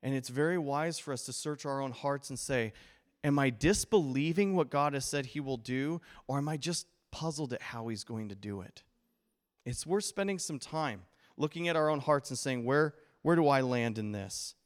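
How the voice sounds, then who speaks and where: A man preaching a sermon as pastor, animated and playful, acting out the voices he quotes with humor. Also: mid-range voice, moderate pace, in a large hall.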